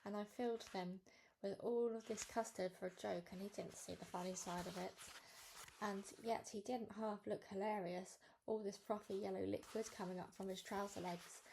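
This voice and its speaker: A woman reads a children's novel aloud, narrating in a lively, cheeky first-person voice. Her tone has a gravelly edge, at a middle pitch, with faint noise in the background. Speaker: storybook reader.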